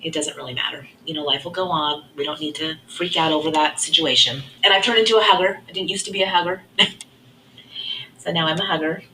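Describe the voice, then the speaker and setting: Earnest woman with a low, bright voice. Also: fairly quick, a little hiss or hum, rough recording. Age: middle-aged. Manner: earnest, reflective, softly trailing off. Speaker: guest sharing her testimony. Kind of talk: personal faith testimony.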